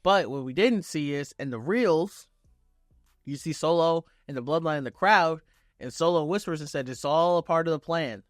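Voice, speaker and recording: Excitable, foul-mouthed man recapping wrestling. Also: on the high side, moderate pace, no echo, clean studio sound, faint music behind. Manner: excitable, profane play-by-play retelling. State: on vacation. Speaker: wrestling reviewer. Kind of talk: casual reaction review.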